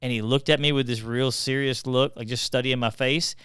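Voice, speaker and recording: Bright-voiced man telling stories. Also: mid-range voice, fairly quick, clean tone, no room sound, studio quality. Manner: animated, chatty storyteller. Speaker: podcast co-host. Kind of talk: casual storytelling.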